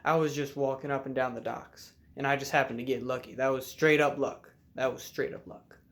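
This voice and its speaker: Speaking briskly at a medium pitch with fairly level intonation, a young guy recounts a fishing trip to the camera from his untidy room. His delivery is a laid-back drawl punctuated by loud, shouted moments of reenactment.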